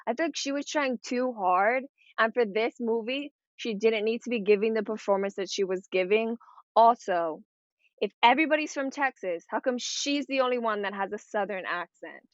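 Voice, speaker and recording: A woman's voice: a little high, normal speed, dry recording. A woman co-hosting a podcast in casual chat, rambling and swearing, laughing often as she talks. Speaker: podcast co-host. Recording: dry, dull lo-fi sound.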